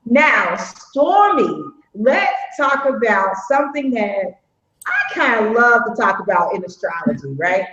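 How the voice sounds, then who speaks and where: A woman's voice: on the high side, big pitch swings, measured pace, a bit bright, lo-fi sound. Upbeat woman hosting an echoey live stream. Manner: upbeat, chatty, folksy y'all. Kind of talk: casual live-stream chat.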